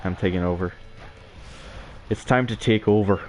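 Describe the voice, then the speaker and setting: A man's voice: on the low side, normal speed, a little mellow, a little hiss or hum. A young man giving casual, rambling commentary over his gameplay, with frequent filler words and chuckles. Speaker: let's play gamer.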